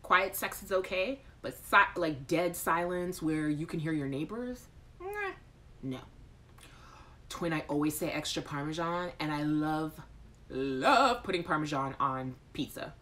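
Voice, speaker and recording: Animated woman hosting a live chat. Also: sits low, unhurried. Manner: animated, joking, exaggerated outrage; addresses chat viewers by name. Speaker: host. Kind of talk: live chat show, reading viewer comments.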